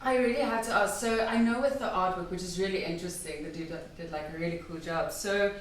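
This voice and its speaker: A woman's voice: on the low side, fast talker. A woman hosting a podcast interview, asking her guests questions in a curious way. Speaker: podcast host. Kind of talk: casual interview. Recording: roomy distant mic, faint noise.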